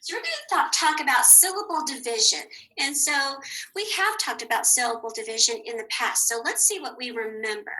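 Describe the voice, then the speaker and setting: A woman teaching a children's phonics lesson, patient and clear, saying each word twice with the second higher. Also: expressive, brisk, pushed and bright, poor audio. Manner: clear, patient, sing-song.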